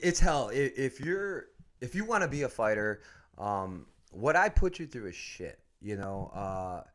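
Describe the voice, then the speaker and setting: A man in casual conversation who cusses freely and rambles from one story to the next, chuckling along the way. His voice sits at an ordinary middle pitch. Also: very animated, unhurried, a bit bright. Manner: swears freely, rambling storyteller, laughs often. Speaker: MMA fight school owner, guest.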